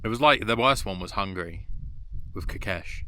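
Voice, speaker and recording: A man chatting casually as he vlogs from a high mountain trail outdoors, rambling and swearing freely. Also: lively intonation, moderate pace, pushed and bright, a little hiss or hum. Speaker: hiking vlogger. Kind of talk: casual vlog chat.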